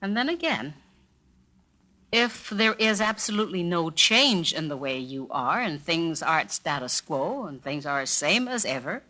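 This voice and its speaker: A woman narrating a spoken language lesson, demonstrating greetings with deliberately exaggerated inflection. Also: deep voice, pushed and bright. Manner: slow, carefully inflected, demonstrates phrases with exaggerated intonation. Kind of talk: scripted spoken-word lesson.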